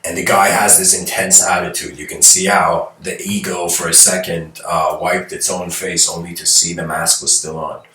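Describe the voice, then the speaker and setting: A man's voice: low-pitched, level tone, moderate pace, hardly any pauses, sharp tone. A man giving a casual spiritual lecture, telling a story in a loose, conversational way with frequent asides. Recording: roomy, distant mic.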